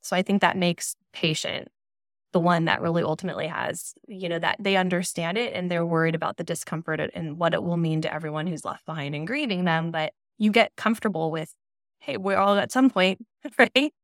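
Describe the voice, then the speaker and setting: A woman speaks as a podcast guest in a slightly low voice. She talks casually and thoughtfully, dropping "like" into her sentences again and again. The sound is dry and close. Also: brisk, dry recording. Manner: reflective, frequent "like" fillers. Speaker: podcast guest, cancer survivor. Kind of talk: casual conversation.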